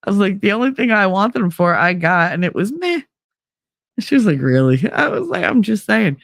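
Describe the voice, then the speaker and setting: A woman's voice: mid-range voice, animated, quick pace, gravelly, a bit bright, dry recording, clean studio sound. A middle-aged woman, telling a story in casual, profane podcast chat, laughing and acting out the voices of the people in it. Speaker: podcast host.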